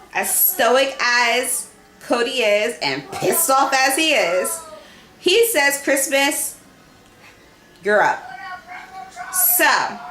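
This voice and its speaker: A woman's voice: fairly high pitch, pushed and bright. A woman recapping a reality show as a fan, arguing her points and talking straight to the people she discusses. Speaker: fan commentator. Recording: echoey room with faint noise.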